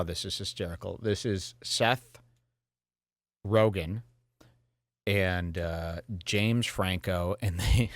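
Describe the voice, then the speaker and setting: A man hosting a podcast, giving sarcastic, deadpan commentary on film clips into a studio mic. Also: deep voice, no room sound. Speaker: podcast host. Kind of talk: casual commentary. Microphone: headphones and studio mic.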